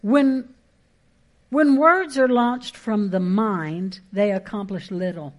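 A woman pastor, preaching a sermon in a folksy, emphatic way with quick asides and rising exhortations. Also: medium pitch.

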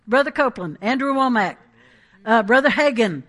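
A woman preaching a sermon in an animated, emphatic way, with asides and laughs. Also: on the high side, normal speed.

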